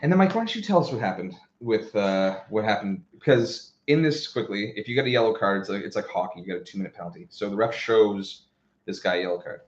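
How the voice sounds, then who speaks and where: A man tells a story in a casual podcast chat, stumbling, restarting and swearing as he gets worked up. His voice sits a little low. The sound is roomy and dull, like a lo-fi home recording. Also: animated, fast. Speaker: podcast co-host.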